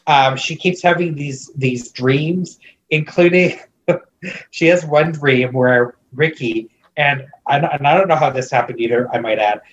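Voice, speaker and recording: A man's voice: mid-range voice, unhurried, a little hiss or hum. Rambling man with a muffled mic. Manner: rambling, lots of "like" and restarts, amused disbelief. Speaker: podcast co-host recapping a movie. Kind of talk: casual chat.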